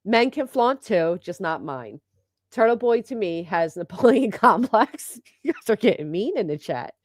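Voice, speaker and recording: Livestream host, woman, mid-pitched and gossipy, on a dry close mic. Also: big pitch swings, moderate pace, dry recording. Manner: chatty, gossipy, laughs often. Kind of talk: casual livestream chat reading comments.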